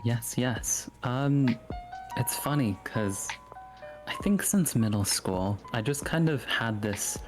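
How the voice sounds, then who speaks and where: A woman's voice: rumbling low, takes it slowly. Conversational woman co-host, music behind. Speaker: podcast co-host. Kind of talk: casual chat.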